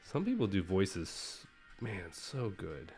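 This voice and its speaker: A man's voice: deep voice, wildly swooping pitch, slow, darkish tone, soft background music. A man livestreaming while he sketches, rambling casually with lots of fillers and self-deprecating asides.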